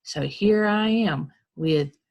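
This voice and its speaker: An American woman reading the lines of a cheery male leprechaun for children, slowly and deliberately. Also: lowish voice, darkish tone.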